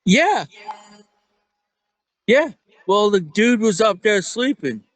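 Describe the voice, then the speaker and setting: A man's voice: high voice, slow pace, no room sound. Profane rambling New York man. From Staten Island, New York. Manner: profane, rambling, excitable when acting out quotes. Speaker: security guard guest. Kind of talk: casual storytelling chat.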